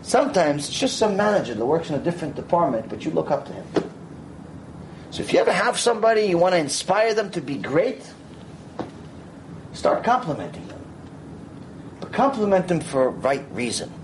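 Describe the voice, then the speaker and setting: A man teaching a Torah lecture, telling stories in an animated way and sprinkling in Hebrew terms and "you know". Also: a little high, moderate pace, pauses often, a little hiss or hum, rough recording. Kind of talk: lecture with storytelling.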